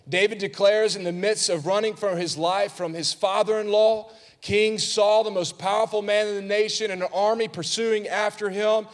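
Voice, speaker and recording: A man's voice: sits high, fairly even intonation, moderate pace. Fervent preaching man, long church reverb. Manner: storytelling, rising to fervent shouts. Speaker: pastor. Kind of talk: sermon. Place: church sanctuary.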